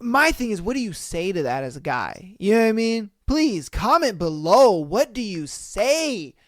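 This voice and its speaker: A man's voice: high-pitched, sing-song, moderate pace, no room sound, clean studio sound. A man hosting a podcast who reads dating stories aloud and reacts with slangy, exclamatory rants, calling his listeners bro. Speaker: podcast host. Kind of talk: casual reaction commentary.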